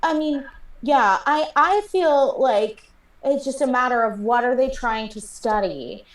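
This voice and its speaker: A woman's voice: on the high side, expressive, unhurried, distant mic. A young woman playing a character in a tabletop game, rambling with lots of fillers. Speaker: player. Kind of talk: in-character improvised role-play. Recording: roomy sound from off-mic.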